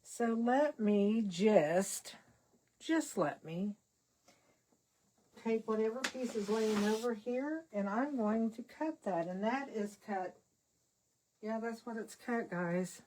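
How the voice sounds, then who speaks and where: A woman's voice: fairly high pitch, lively intonation, slow, dark tone, a little hiss or hum. An older woman hosting a casual card-making vlog, chatting in a rambling way with self-deprecating asides while she works. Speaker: card-making channel host. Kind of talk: casual crafting vlog chat.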